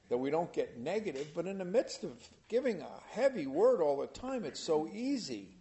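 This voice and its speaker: A man leads an informal Bible study for a small group, reading scripture passages aloud and then retelling them in plain, conversational language. His voice sits a little high for a man yet has a warm, mellow tone. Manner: reads scripture then paraphrases it in casual everyday speech. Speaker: Bible teacher.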